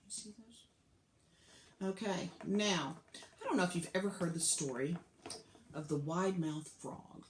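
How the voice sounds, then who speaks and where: A woman guiding children through a clay craft step by step, patient and often dropping to a near whisper. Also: deep voice. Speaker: craft teacher. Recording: echoey room, faint clicks.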